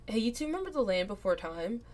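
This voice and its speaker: A young adult woman streamer reading game text aloud and breaking off into chatty, excitable asides. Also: on the high side, fast talker. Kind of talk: let's play game commentary.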